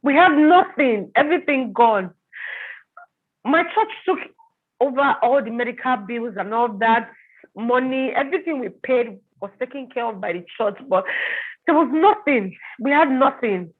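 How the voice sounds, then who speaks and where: A woman telling an emotional personal story as an interview guest, halting and repeating words when upset. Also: sits high, lively intonation. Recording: tinny phone-like line.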